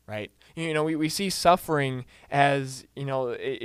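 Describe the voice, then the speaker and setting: A man's voice: mid-range voice, a little slow, clear, resonant tone, no room sound. A man leading a casual group book discussion, full of fillers and restarts, putting questions to the group.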